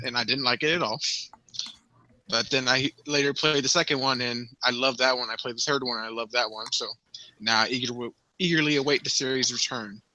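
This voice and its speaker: A man's voice: medium pitch, bright, forceful tone, poor audio. A man from Texas, introducing himself in a jovial, slightly formal way as a guest on an online panel. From Texas, United States. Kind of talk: casual chat.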